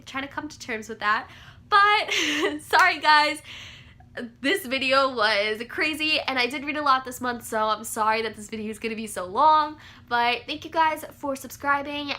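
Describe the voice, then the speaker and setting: A young woman chatting casually about books she read, gushing and excitable with lots of fillers. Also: fairly high pitch. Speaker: book vlogger. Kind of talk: casual book review chat.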